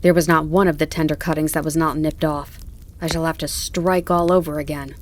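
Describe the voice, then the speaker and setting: A woman reading the part of a soft-hearted male gardener in an audiobook, speaking low and pleading. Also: flat delivery, fairly quick, lightly acted. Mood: rueful. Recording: faint crackling campfire behind.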